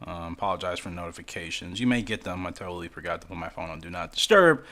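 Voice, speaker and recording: A man's voice: low voice, animated, quick pace, fairly bright tone. A man casually commenting as he plays a mobile game for his channel, rambling along with self-deprecating asides. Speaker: gaming YouTuber.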